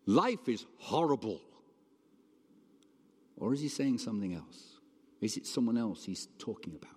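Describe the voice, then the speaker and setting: A man's voice: fairly low pitch, lively intonation, fairly quick, dark tone, husky. A man preaching a sermon in a conversational, emphatic way, often stopping to ask his listeners questions. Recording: long reverb hall.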